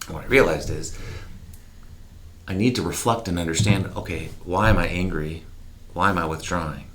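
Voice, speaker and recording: A man speaking as an interview guest, telling candid, animated personal stories in a reflective conversational way. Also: sits low, normal speed, a little hiss or hum. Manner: candid, animated, mimics horn sounds.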